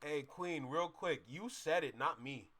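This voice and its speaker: A man hosting a reaction video, talking casually and swinging from loud outbursts to low mutters. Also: measured pace.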